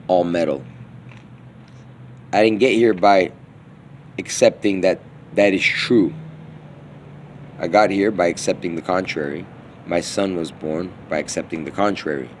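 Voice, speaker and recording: A man's voice: sits low, measured pace, pauses often, slight background noise. A man delivering a meandering, slang-filled spoken monologue, often trailing off and restarting his thoughts.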